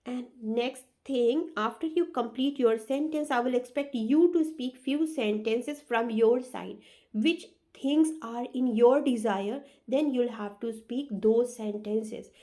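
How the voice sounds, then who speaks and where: A woman's voice: a little high, slow, mellow. Patient woman teaching spoken English. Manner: patient, repeats example phrases. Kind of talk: demo English lesson.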